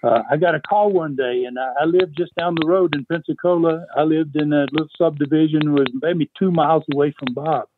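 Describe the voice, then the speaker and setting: An older man calls in to tell stories, his voice a bit higher than most men's. He rambles and stops himself with fillers and soft chuckles. The line is thin and phone-like, with a faint hiss behind it. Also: fairly quick, hardly any pauses. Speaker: podcast guest. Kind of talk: casual storytelling. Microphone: phone call.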